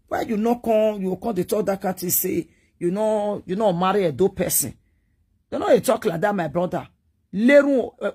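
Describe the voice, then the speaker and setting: Woman, Nigerian accent, husky, pleading, rambling, live-stream chat to viewers. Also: lowish voice, a little mellow. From Edo State, Nigeria. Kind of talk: casual live-stream monologue.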